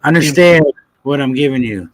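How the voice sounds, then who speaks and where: A man hosting a reptile breeder's live stream, chatting with callers in loud, teasing, swearing banter. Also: medium pitch, expressive, moderate pace, a crowd in the background, low-quality recording. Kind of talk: casual chat with callers.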